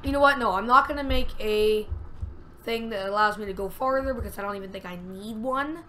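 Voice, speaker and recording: Bright-voiced woman narrating a game. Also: mid-range voice, a little fast, slight background noise. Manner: chatty, narrates every move to herself, excitable. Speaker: gamer. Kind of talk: let's-play commentary.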